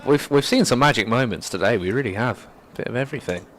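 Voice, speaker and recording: A young man doing live cricket commentary from a commentary box, getting loud and excited at big moments. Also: fast talker, slight background noise. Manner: lively, rises sharply in pitch and volume at big moments. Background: faint crowd and ground ambience.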